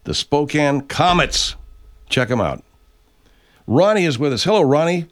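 A man's voice: on the high side, animated, unhurried. Older male host, casual live chat from a home studio, rambling and profane, reads viewer messages aloud.

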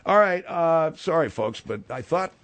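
A man's voice: a little high, expressive, moderate pace, a bit bright. A man hosting a radio talk show from the studio, probing and needling a caller.

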